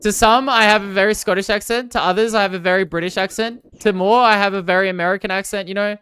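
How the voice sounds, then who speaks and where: Young woman, Australian accent, streamer, casual sarcastic chat, smooth voice, mid pitch. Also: steady tone, quick pace. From Australia, Victoria. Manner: joking, sarcastic, loud bursts of protest. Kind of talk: casual live-stream chat reading viewer comments.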